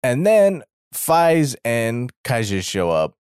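A man's voice: mid-range voice, very animated, slow pace, darkish tone, clean tone. A man co-hosting a podcast, casually recapping episodes and acting out the characters' lines with plenty of swearing. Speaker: podcast co-host.

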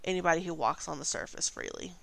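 A woman's voice: deep voice, wildly swooping pitch, fast, vocal fry. A woman narrating a tabletop game as game master in a casual storytelling manner.

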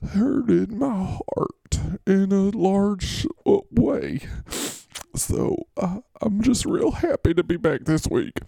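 A man putting on the voice of a soft-spoken, sentimental quarterback who talks slowly and haltingly and gets teary. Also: high-pitched, gravelly, slightly rough, no echo, studio quality, pitched above the performer's own voice, heavily acted. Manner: slow, halting, teary and earnest.

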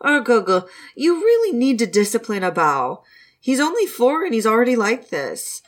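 A woman's voice: a little high, sing-song, moderate pace. A woman voicing a young mother who fondly scolds her husband about their child. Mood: fond teasing.

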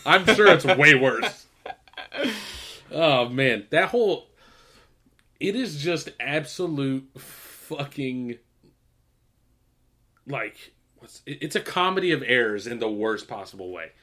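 Rambling, swearing young podcast host. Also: male voice, medium pitch, expressive, takes it slowly, pauses often, fairly bright tone. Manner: rambling, laughs often, heavy swearing. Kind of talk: casual chat.

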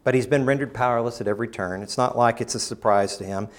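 A man preaching a sermon, rising to emphatic bursts and dropping low and quiet, sometimes acting out quoted lines in mock voices. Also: quick pace. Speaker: pastor.

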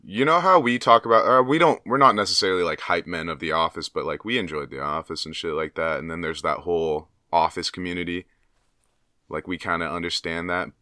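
A young man co-hosts a casual podcast in a very deep voice with a bright edge. He rambles, fills gaps with "like", and swears freely. The sound is dry and close. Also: fairly quick, no room sound. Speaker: podcast co-host. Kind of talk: casual chat.

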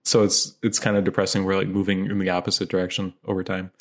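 A man's voice: deep voice, completely flat delivery, fast talker. A man co-hosting a casual film chat, joking in a dry way and often laughing. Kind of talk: casual chat about films.

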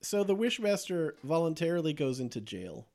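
A man's voice: fairly high pitch, big pitch swings, moderate pace, creaky, a little mellow. A man hosting a podcast, chatting casually about horror movies and laughing often as he retells scenes. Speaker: podcast host. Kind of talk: casual movie review chat.

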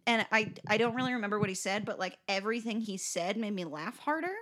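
Brief: young woman co-host, chatty storyteller, loose filler-laden delivery, mid-pitched. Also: fast talker, fairly bright tone. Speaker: podcast co-host. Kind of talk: casual chat.

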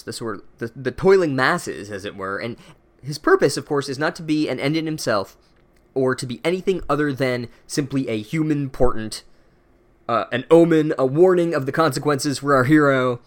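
A young man recapping a book chapter with sarcastic, profane comedy and mock-academic asides. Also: medium pitch.

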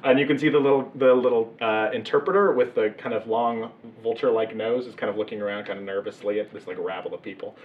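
A man's voice: on the low side, fairly even intonation, fast talker, hardly any pauses. Laid-back man running a tabletop game. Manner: loose, filler-heavy narration full of "like" and "kind of". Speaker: game master. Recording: distant, echoey, muffled mic.

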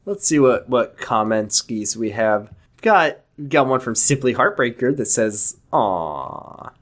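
A podcast co-host making quick, joking asides in casual chat. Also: mid-range voice.

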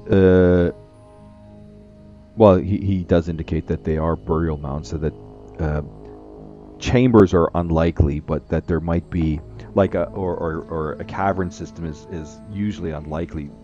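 A man's voice: low voice, normal speed, dark tone, lo-fi sound, soft background music. A man narrating as game master, rambling with many fillers.

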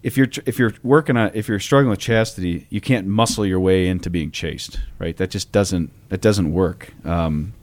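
A man's voice: deep voice, normal speed, few pauses, dry recording. A man co-hosting a podcast, talking conversationally about theology and telling anecdotes. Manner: conversational, digressive, with anecdotes and fillers. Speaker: podcast co-host. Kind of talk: casual theological discussion.

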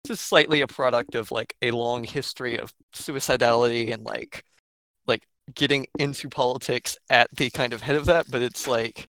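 A man's voice: medium pitch, normal speed, dry recording. Young Atlanta-accented man, blunt and profane, dry close sound, casual podcast talk. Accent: Atlanta Southern US. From Georgia, US. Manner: blunt, profane, animated storytelling. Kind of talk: casual political chat.

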